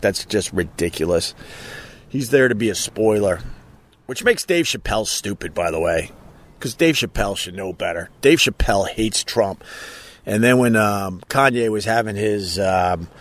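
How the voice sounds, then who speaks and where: Expressive and lowish, this man's voice moves at normal speed. He's a podcast host running a laid-back outdoor live stream, wandering from topic to topic, cracking jokes, and reading out comments from viewers.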